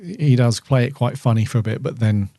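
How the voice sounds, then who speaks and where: A man's voice: mid-range voice, animated, brisk, gravelly, mellow, no echo, studio quality. A man co-hosting a podcast, chatting casually about an episode, with a rambling delivery full of fillers and restarts. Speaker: podcast co-host. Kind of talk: casual chat reviewing an episode.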